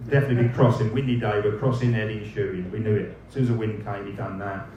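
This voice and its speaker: A man's voice: fairly low pitch, flat delivery, fast talker, dark tone. A man in his fifties, a former footballer, telling rambling, laughing anecdotes at a live evening event, swearing freely and restarting his sentences. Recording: roomy echoing room, mic at a distance, faint ambience.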